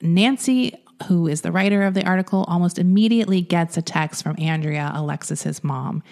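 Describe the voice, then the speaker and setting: Lady with a lowish voice chatting through a crime story, laughs a lot, lots of ums. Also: moderate pace, vocal fry, a little mellow. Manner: chatty, laughs often, uses fillers. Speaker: podcast co-host. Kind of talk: casual true-crime storytelling.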